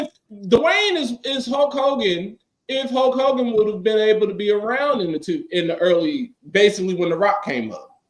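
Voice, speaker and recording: A man with a high, sharply rising and falling voice chats on a podcast. He talks in quick, profane, animated rants and slips into mock quotes of the people he discusses. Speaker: podcast co-host. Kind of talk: casual chat.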